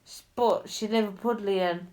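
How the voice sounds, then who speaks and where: A woman's voice: mid-range voice, steady tone, measured pace, darkish tone. A young woman chatting casually to a phone camera, telling a gossipy story. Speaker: vlogger. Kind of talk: casual chat.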